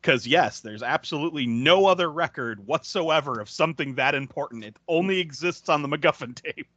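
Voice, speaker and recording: Animated, bright-voiced man recapping a movie. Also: a little high, fairly quick, dry recording, dull audio. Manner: profane, laughs often while recapping. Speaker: podcast co-host. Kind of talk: casual movie recap chat.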